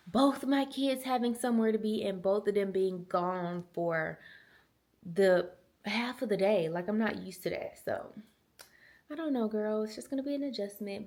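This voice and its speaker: Chatty young mom talking to camera. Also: female voice, medium pitch. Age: 20s. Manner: chatty, animated, uses y'all and girl. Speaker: mom vlogger. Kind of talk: casual chat to camera. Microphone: small handheld camera.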